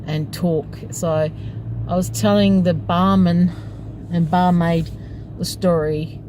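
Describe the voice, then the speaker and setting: A woman's voice: fairly low pitch, fairly even intonation, slow pace, background noise. Chatty woman taxi driver. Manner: laughs often while telling. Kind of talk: casual storytelling.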